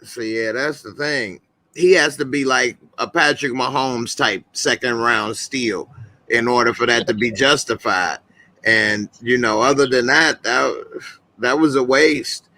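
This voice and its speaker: A man hosting a call-in show, chatting casually about sports in an animated, opinionated, slangy way. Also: medium pitch, unhurried, rough recording. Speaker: host.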